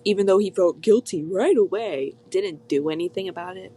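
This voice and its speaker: A woman's voice: mid-range voice, moderate pace, mellow, a little hiss or hum. Wry, sarcastic woman co-host. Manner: reactive, wry, sarcastic quips. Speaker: podcast co-host. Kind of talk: casual chat.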